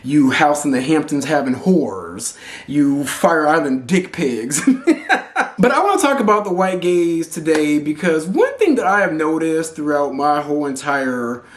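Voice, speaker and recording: A man's voice: fairly high pitch, very animated, a little slow. A man from Texas giving blunt, profane commentary to camera as a vlogger. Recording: roomy echo.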